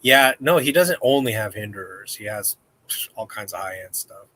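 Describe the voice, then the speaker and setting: A man's voice: lowish voice, animated, moderate pace, bright, forceful tone. A man hosting a casual live-stream chat, rambling and joking with viewers. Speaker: host.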